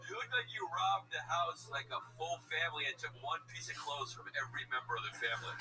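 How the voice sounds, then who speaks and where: A man in casual, crude comedic banter, swearing often, giggling and talking in mock excitement. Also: fairly high pitch, fast, very noisy. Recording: distant mic with loud music.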